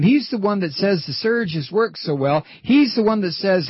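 A man giving an angry, profane on-air rant as a political commentator, taunting and rising to shouts. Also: high-pitched, animated, moderate pace, hardly any pauses, slightly rough, dry recording. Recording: dull dry broadcast audio.

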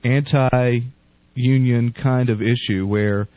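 A man in casual political chat, halting with restarts and slow emphasis. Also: medium pitch, steady tone, no room sound. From United States. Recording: dull lo-fi dry line.

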